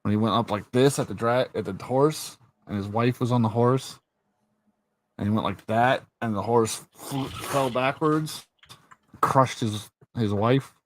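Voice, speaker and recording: There's slight background noise as a medium-pitched man, in no hurry, hosts a casual chat. Retelling scenes with animation, he swears freely and laughs often.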